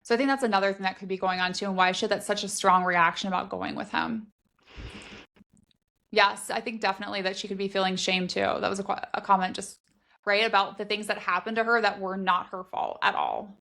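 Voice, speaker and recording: A woman co-hosting a book podcast, her voice sitting at an ordinary middle pitch. She talks casually and thinks out loud, leaning on "like" as she works through ideas. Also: fairly even intonation, brisk. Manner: thinks aloud, with many "like" fillers. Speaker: podcast co-host.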